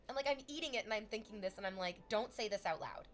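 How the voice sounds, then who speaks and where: A young woman streamer from Canada chatting casually with her viewers, telling stories with lively acted-out voices. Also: medium pitch, fast, hardly any pauses, faint music behind. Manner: animated storytelling, acts out voices.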